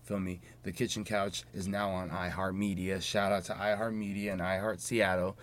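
A man's voice: deep voice, level tone, moderate pace, slight background noise. A young man hosting his own podcast in a casual solo monologue, boastful and full of profane street slang. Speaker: podcast host.

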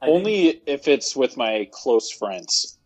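A man co-hosting a casual podcast chat. He talks in a jokey, playful way and is quick to laugh. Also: mid-range voice, sing-song. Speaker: podcast co-host. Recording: slightly dull lo-fi sound.

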